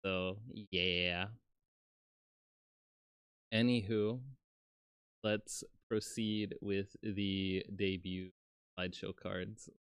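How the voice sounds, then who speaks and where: A man's voice: sits low, level tone, extremely slow, long pauses, a bit bright, clean tone, no room sound. A man streaming as a VTuber, chatting casually and rambling in a self-deprecating way with lots of fillers, close to his desk microphone. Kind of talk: casual live-stream chat.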